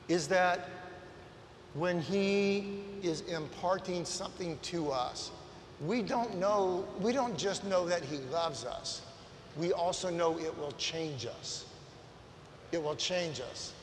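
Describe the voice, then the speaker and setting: A guest preacher delivers an impassioned sermon in a large church sanctuary, starting slow and measured in a high voice, then swinging from soft passages up to shouts. The hall is booming and echoey, with a little hiss or hum.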